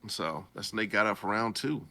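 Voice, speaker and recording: A man hosting a podcast, retelling a story in a casual, animated and jokey way. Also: fairly low pitch, a little fast. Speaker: podcast host.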